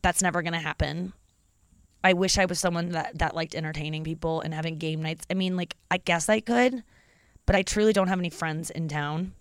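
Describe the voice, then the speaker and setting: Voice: medium pitch, steady tone, fairly quick, clean tone, no echo, studio quality. Candid rambling podcaster in their thirties. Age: 30s. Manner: candid, confessional, rambling with fillers. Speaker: podcast host. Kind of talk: casual solo podcast monologue.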